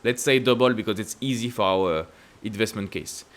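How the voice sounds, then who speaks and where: A man with a French accent hosting casual stock-market commentary, asking emphatic rhetorical questions and jumping up in pitch to stress points. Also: moderate pace. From France. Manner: emphatic, repetitive rhetorical questions with sudden upward pitch leaps. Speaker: investing channel host.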